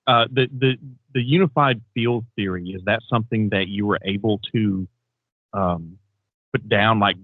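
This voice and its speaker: A man hosting an interview, asking hesitant questions with restarts and giving soft backchannels. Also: fairly low pitch, normal speed, no echo. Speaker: podcast host. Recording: tinny phone-like line, dry.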